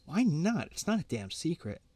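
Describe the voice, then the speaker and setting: A man reading aloud plays a sharp-tongued young girl in a storybook, snapping back quickly. Her lines come a little higher than his narration, recorded dry. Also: very animated, no room sound. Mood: defiant.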